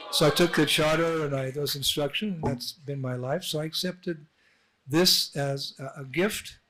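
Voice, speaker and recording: A man's voice: on the high side, measured pace, long pauses, a bit bright, a little hiss or hum. A man, a monk, giving an informal temple address, telling anecdotes and acting out the dialogue. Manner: storytelling, acts out dialogue with laughs. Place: temple hall.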